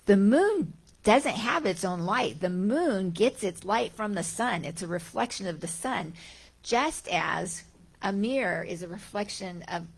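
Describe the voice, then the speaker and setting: A woman's voice: medium pitch, animated, unhurried, vocal fry, slightly rough. A woman giving a conversational spiritual talk to a congregation, often voicing everyday thoughts aloud and repeating key phrases. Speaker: guest speaker. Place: church sanctuary.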